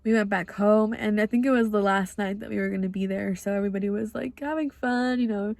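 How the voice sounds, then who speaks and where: A woman's voice: medium pitch, fairly even intonation, quick pace, gravelly, a little mellow, no echo. A young woman with an American accent hosting a podcast, telling a personal story in a rambling, earnest way with lots of "like" fillers. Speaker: podcast host.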